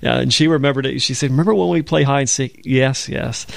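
Gravelly-voiced man co-hosting Bible talk. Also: mid-range voice, fast, dry recording. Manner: conversational storytelling, explains scripture step by step. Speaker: co-host of a Bible program. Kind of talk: religious broadcast discussion.

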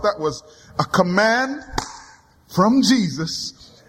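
A man preaching a sermon from the pulpit, building rhythmic repeated refrains that swell into shouts. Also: sits high, expressive, slow pace, soft background music. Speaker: pastor. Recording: long hall reverb.

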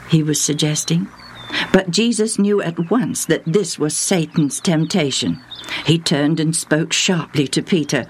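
A woman narrating a Bible story as a storyteller, gentle and expressive, asking the listener questions along the way. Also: deep voice, measured pace, a little hiss or hum. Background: music.

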